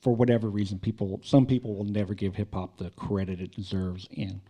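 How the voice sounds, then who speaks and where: A podcast host with a lowish, warm voice talks hip hop casually and profanely. His delivery is flat and fairly quick, and he rambles loosely, often restarting his sentences.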